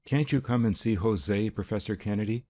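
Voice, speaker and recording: A man's voice: on the low side, normal speed, mellow, close to an everyday voice. A man reading an audiobook, voicing a frightened young woman who begs for help through sobs. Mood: tearful. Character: sobbing young woman, frightened for her fiancé.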